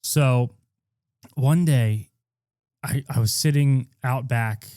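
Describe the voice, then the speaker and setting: Male co-host, dark mellow voice, dry close mic, rambling profane storyteller. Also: mid-range voice, slow pace, dry recording. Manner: rambling, profane, animated retelling with quoted voices. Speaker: podcast co-host. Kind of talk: casual crude storytelling chat.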